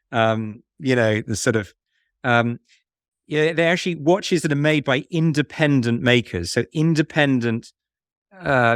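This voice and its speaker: Guy on a podcast, mid pitch, thinks out loud, lots of restarts and um's, dry close mic. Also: no room sound. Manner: musing, halting, with frequent restarts and fillers. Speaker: fund manager guest. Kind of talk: conversational podcast interview.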